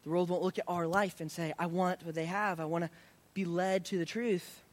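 A man preaching a sermon as pastor, earnest, rising in intensity and then dropping soft to pray. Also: sits high, flat delivery, a little fast.

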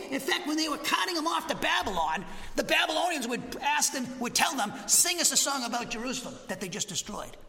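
A man's voice: very high-pitched, pushed and bright. A man with a Southern American accent teaching an expository Bible lesson in a church, emphatic and often repeating and restarting his phrases. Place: church sanctuary. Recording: echoey hall with long reverb.

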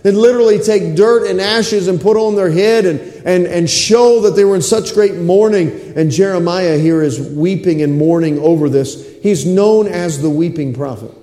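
A man preaching a sermon with passion, repeating phrases and sinking to a low hush at times. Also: moderate pace, few pauses. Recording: echoey hall with long reverb.

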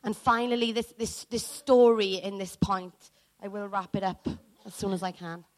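A woman's voice: medium pitch, steady tone, normal speed, poor audio. A woman preacher giving a sermon with passionate, emphatic delivery.

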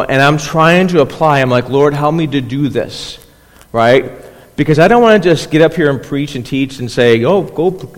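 A man preaching a conversational sermon as pastor, often checking in with listeners and restarting phrases. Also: a little high. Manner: restarts and repeats words. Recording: long hall reverb.

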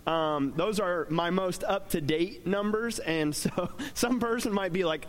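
A young male pastor with a high voice preaches in a loose, conversational way. He jokes with the congregation and talks through his points with plenty of fillers. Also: lively intonation, a little slow, few pauses. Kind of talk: sermon.

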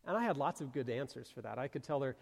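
A man's voice: mid-range voice, animated, quick pace, vocal fry, big-room sound. A man preaching a sermon in a loose, conversational way, thinking aloud and reading scripture aloud.

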